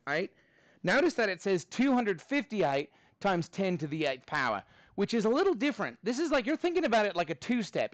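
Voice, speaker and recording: A man teaching a math class, upbeat, counting steps aloud and thinking out loud as he works problems with students. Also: high-pitched, dry recording. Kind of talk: live class review lesson.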